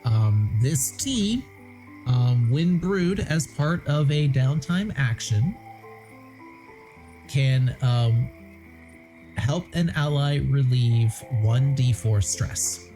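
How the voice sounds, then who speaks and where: A woman narrating a tabletop game as game master, laid-back, with frequent pauses and laughs. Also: a bass voice, animated, dark tone, soft background music, rough recording.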